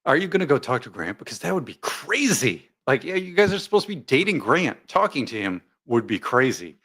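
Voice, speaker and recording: Male streamer host, chatty and jokey, mid-pitched voice with a lively, bouncing delivery. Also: a little fast, a little hiss or hum. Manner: jokey, rambling, reads viewer comments aloud. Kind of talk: casual live commentary chat.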